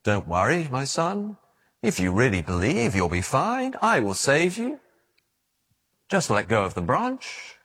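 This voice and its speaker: A preacher voicing a calm, fatherly voice from heaven that speaks soothingly to a man in trouble. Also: medium pitch, a little slow, slightly rough, no room sound, exaggerated voice. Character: calm booming male voice from heaven.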